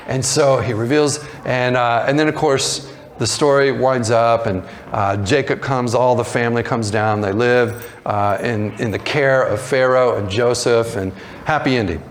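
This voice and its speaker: A man preaching a sermon, retelling a story in a conversational way and slipping into lively voices for the characters. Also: medium pitch, a little slow. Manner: conversational with frequent restarts and fillers. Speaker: pastor.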